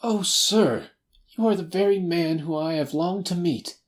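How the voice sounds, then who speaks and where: A man voicing a nervous little hotel attendant caught stealing, in a high, frightened, pleading voice for an audiobook. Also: lively intonation, measured pace, husky, full character voice. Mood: anxious. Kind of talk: audiobook character voice.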